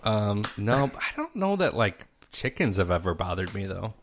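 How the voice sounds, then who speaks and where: A man in casual chat, telling stories with deadpan jokes. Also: fairly low pitch, moderate pace, slight background noise.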